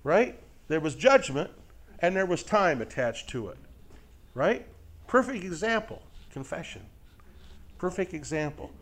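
Lively, folksy male preacher. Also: a little high, measured pace, pauses often. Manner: asks frequent rhetorical questions and tag checks; folksy, lively, jokes with listeners. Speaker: Bible teacher. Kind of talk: conversational sermon to a live group.

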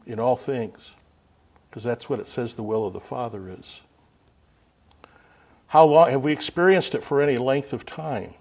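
A man preaching a sermon to a gathering, unhurried, swinging from loud emphasis to quiet asides. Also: mid-range voice.

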